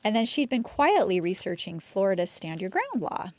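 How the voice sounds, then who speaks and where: A woman's voice: medium pitch, sing-song, normal speed. A woman co-hosting a casual true-crime podcast, retelling a case conversationally with blunt asides. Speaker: podcast co-host.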